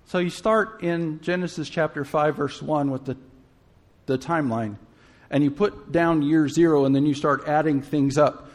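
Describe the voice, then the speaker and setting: High-voiced man preaching a sermon. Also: fairly even intonation, moderate pace. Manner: conversational, humorous asides, rhetorical questions.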